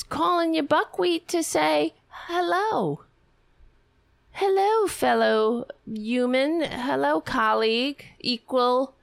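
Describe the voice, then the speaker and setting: A woman's voice: sits high, vocal fry, no echo, clean studio sound, voice pushed up, heavily acted. A woman mimicking a whiny, self-pitying male politician who plays the victim in a mock-innocent voice.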